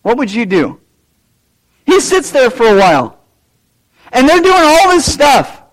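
Male preacher with a very high voice; sermon delivery that surges loud, then drops to near-murmured asides. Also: wildly swooping pitch, unhurried, poor audio. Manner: dramatic swings between loud, raised lines and low, quiet asides. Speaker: pastor.

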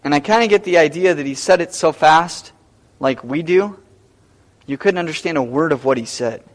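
High-voiced emphatic male preacher. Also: moderate pace. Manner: emphatic, repeats key phrases. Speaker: pastor. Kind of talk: sermon.

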